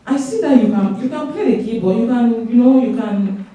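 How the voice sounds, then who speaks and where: A woman's voice: fairly high pitch, a little fast, warm tone. A young woman giving a church testimony, telling her story earnestly and acting out her conversations with God. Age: young adult. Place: large church hall. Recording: echoey church hall from far off.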